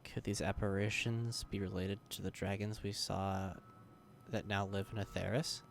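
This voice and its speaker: An actor playing a grim, wary male dragoon warrior in a game cutscene, speaking in a measured, brooding way. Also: on the low side, level tone, gravelly, slight background noise.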